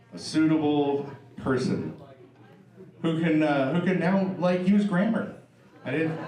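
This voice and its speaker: A man's voice: fairly high pitch, a little mellow, far from the mic. A middle-aged man doing a profane, chatty stand-up comedy set with crowd work, on a club stage mic. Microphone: stage microphone. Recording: roomy live stage recording. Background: audience laughter.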